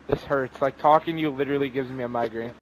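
A man's voice: mid-range voice, fairly even intonation, quick pace, poor audio. A young man in an online game chat, rowdy and exasperated, cursing a lot. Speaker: online gamer. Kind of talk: loud trash-talking game chat. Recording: game chat with loud music behind.

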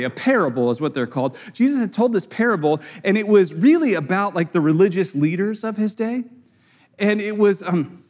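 A man, a pastor, preaching a sermon in a conversational way and playing out the people in his story with quick voices. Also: a little mellow. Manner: conversational, acts out quoted voices with sudden high pitch jumps.

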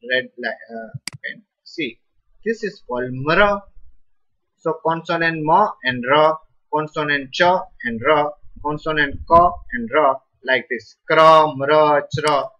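An encouraging Indian English teacher guides students through pronunciation, calling on them by name and praising each answer. His voice is bright and forceful, and he speaks slowly. The recording sounds dull and lo-fi. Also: a little high, animated. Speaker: Sanskrit teacher. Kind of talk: live online class teaching.

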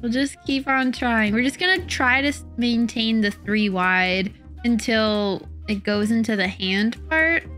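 Bright, slow-talking young woman gamer. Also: fairly high pitch, faint music behind. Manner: chatty, self-doubting, laughing at her own build. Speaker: Minecraft build-battle player. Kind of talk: casual gameplay commentary.

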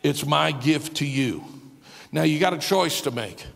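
A male pastor preaching in a large church, his high voice carrying a gravelly edge. He drops to near-hushed tones, then climbs to shouts, and acts out the voices he quotes. The sound rings with a long hall echo. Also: animated, unhurried. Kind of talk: sermon.

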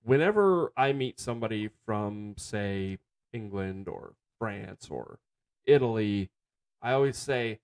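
Joking American man, lively pitch. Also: takes it slowly, creaky, clear, resonant tone. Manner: dry, joking banter, short quips. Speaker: reaction channel co-host. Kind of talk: casual chat.

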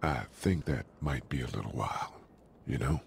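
An actor playing a calm adult man who watches over a child, speaking steadily and reassuringly. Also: very deep voice, normal speed, vocal fry, a little hiss or hum, heavily acted.

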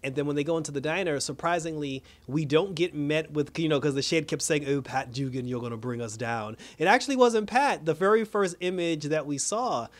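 A man's voice: a little high, fairly quick, hardly any pauses. Rambling man recapping a TV episode. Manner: rambling, loose, with lots of fillers and laughs. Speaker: TV episode reviewer.

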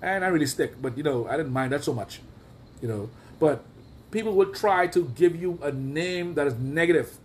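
A man with a rather high voice preaches a sermon. He drives his points home by repeating phrases and firing rhetorical questions at his listeners. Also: normal speed, a little hiss or hum. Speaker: prophet preaching.

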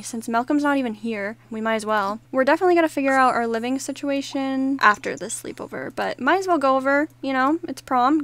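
A young woman with a slightly high voice talks through her life-simulation game in a loose, chatty way. She reacts to every moment and jumps into her characters' lines with playful running commentary. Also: fairly bright tone. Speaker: gaming YouTuber. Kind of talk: casual let's-play commentary.

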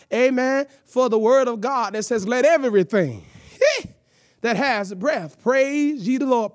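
A woman's voice: sits high, dry recording, clean studio sound. A woman hosting a church youth hour, out of breath, with exuberant call-and-response and playful teasing. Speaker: youth service host. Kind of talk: lively church show hosting.

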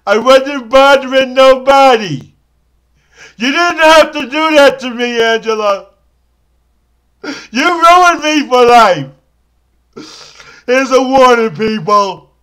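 A man's voice: very high-pitched, fairly bright tone, clear, resonant tone, full character voice. A man playing a battered, self-pitying can scavenger in a comic monologue to camera, pleading in a whiny, melodramatic way.

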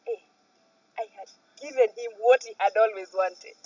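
Kenyan woman spilling her story, voice jumps all over, goes quiet then loud, kinda husky, muffled mic from a ways off. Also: fairly high pitch, moderate pace, no room sound, recorded from a distance. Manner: animated, switches between soft near-whispers and loud outbursts. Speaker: guest. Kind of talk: emotional personal storytelling.

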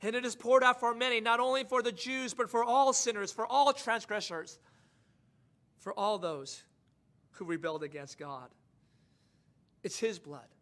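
A male pastor preaching a sermon, moving from quiet, intimate asides to rising, emphatic declarations. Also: extremely high pitch, normal speed, long pauses.

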